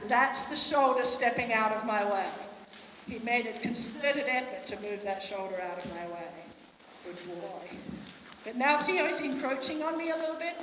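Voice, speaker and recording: A woman's voice: fairly high pitch, a bit bright. A woman horse trainer giving a live, chatty demonstration, talking to onlookers and to the horse in turn. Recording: echoey arena with long reverb, faint noise.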